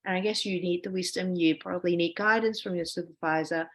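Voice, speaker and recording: A woman professor as a podcast guest, giving reflective advice in a relaxed conversational way, often saying "you know". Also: on the low side, brisk. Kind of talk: conversational interview answers.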